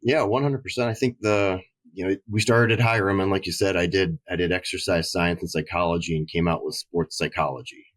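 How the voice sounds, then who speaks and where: A man's voice: sits low, fairly even intonation, fairly quick. A man, a volleyball head coach, telling stories in casual conversation, using many "you know"s and acting out quoted voices.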